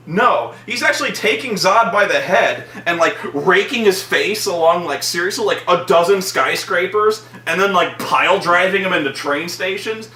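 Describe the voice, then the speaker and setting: A man hosting a vlog, ranting casually and profanely about a film. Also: high-pitched. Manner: profane, animated ranting with mocking put-on voices. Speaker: vlog host. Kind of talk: casual movie-review rant. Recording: echoey room, mic at a distance.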